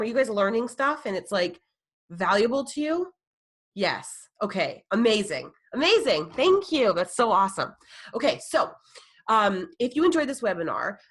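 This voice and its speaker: A woman life coach hosting a live webinar, gushing and excitable, full of fillers and "like". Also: mid-range voice, slightly rough.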